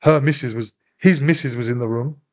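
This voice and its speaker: A young man, a podcast guest, bluntly retelling events with heavy swearing and animated energy. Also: medium pitch, fairly quick. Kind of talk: casual interview storytelling.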